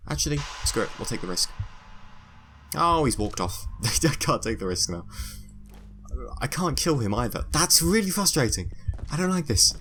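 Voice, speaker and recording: A man giving chatty let's-play commentary, muttering to himself and breaking into excited squeals. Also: on the low side, a little hiss or hum. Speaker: gameplay commentator.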